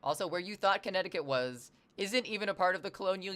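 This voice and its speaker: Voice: mid-range voice, expressive, quick pace, hardly any pauses, fairly bright tone. A livestreamer from the US Northwest who chats casually with viewers, reads chat messages aloud, rambles and swears now and then.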